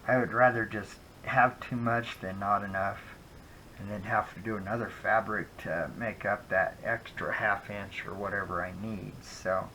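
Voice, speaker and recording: A man's voice: on the low side, sharp tone, a little hiss or hum, poor audio. A man from Colorado hosting a casual crafting tutorial at home, chatting in rambling asides while he works. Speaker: craft channel host.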